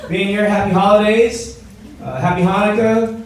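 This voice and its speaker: A young man with a high voice performs a stand-up set at an event venue, joking loosely with the live audience at normal speed and with fairly even intonation. The recording is echoey and distant, with slight background noise and a loud crowd.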